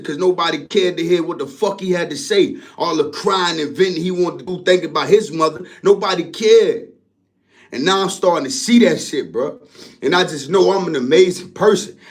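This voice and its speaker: A young man venting his grief to camera in a raw, profane monologue that keeps circling back on itself. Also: fairly high pitch. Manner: profane, repetitive, keeps asking "you know what I'm saying". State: grieving, distraught.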